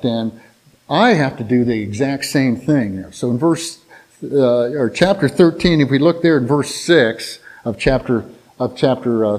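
A man's voice: mid-range voice, darkish tone, rough recording. A man preaching a casual, conversational sermon to his congregation in a folksy, rambling way, often restarting his sentences and acting out the people in his stories. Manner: folksy, rambling, many restarts and filler words; acts out quoted voices in storytelling.

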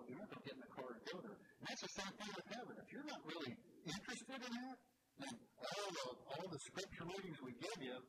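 Male preacher, casual folksy sermon, slightly high voice, noisy recording. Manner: folksy, conversational, homely everyday examples. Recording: loud background noise.

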